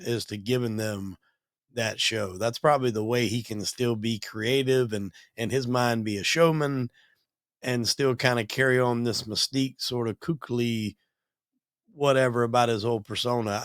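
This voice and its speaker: A man's voice: medium pitch, no room sound, clean studio sound. A man hosting a podcast, musing aloud in long, reflective questions and comments. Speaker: podcast host.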